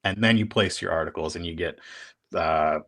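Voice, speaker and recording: A man's voice: low-pitched, moderate pace, a bit bright. A man appearing as a guest on a board game show over a video call, talking hesitantly with many fillers and restarts. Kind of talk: casual chat.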